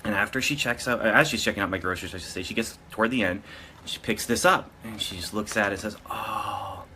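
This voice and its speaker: A man's voice: lowish voice, fast talker, sharp tone, slight background noise. A man casually telling a story to his video audience, rambling and often restarting his sentences. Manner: rambling, with frequent restarts and self-corrections. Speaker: vlogger.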